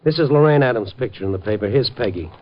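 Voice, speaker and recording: A man's voice: mid-range voice, animated, quick pace, slight background noise. A man narrating and playing a reporter in a 1950s radio drama, urgent and clipped. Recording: dull old radio recording with music.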